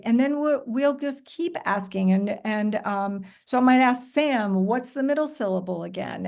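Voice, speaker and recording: A teacher trainer's voice, a little high with a darkish tone, carries a recorded professional development session. She shows patient call-and-response teaching and praises encouragingly.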